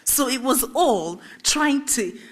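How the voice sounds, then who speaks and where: A middle-aged woman telling her life story as a festival speaker, animated and laughing often as she acts out what people said. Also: high-pitched, slow. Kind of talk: personal storytelling talk. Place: festival stage.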